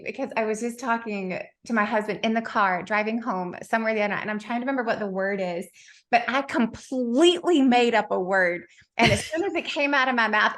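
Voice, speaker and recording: A woman hosting a podcast interview, telling stories in an animated, chatty way. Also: on the high side. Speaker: podcast host. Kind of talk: casual interview chat.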